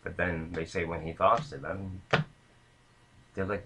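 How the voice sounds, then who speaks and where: A man's voice: low voice, flat delivery, unhurried, background noise. A man casually telling a long anecdote, rambling with many fillers and restarts. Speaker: storyteller.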